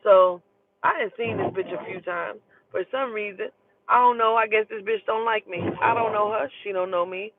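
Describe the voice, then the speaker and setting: A woman's voice: mid-range voice, moderate pace, slight background noise. Woman ranting, tinny phone-like sound. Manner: profane, emphatic and animated. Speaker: vlogger telling a story. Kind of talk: heated storytelling rant.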